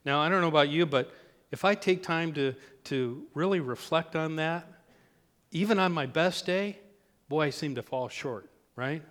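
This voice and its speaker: A man's voice: fairly high pitch, normal speed, fairly bright tone, long reverb tail. A man preaching a sermon as pastor in a church, talking in a conversational way with joking asides.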